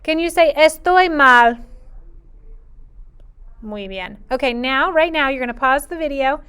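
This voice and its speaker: Her voice sits high, animated and a bit bright as she leads a Spanish lesson for preschool kids on video. Patient and clear, she talks slowly in a sing-song manner, lingering on each phrase.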